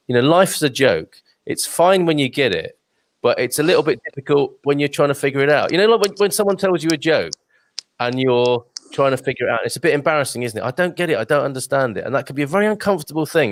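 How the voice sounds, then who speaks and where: A man hosting a live online talk show, his mid-pitched voice swinging up and down as he chats. He talks upbeat and loose, full of ums and restarts. The sound is dry and close, with no room around it. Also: dry recording. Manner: upbeat, chatty, many fillers and restarts. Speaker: talk show host reading viewer comments. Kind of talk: casual live-stream chat.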